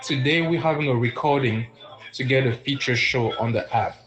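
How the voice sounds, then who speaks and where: A man's voice: mid-range voice, normal speed, fairly bright tone, faint music behind, poor audio. A man teaching a casual livestream French lesson, spelling words out letter by letter and greeting viewers by name. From French-speaking.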